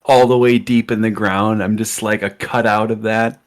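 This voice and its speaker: A man's voice: lowish voice, level tone, normal speed, no room sound. A man playing a tabletop game, trading playful jokes about his shattered character. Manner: jokey, playful banter. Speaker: player. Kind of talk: casual tabletop game chat.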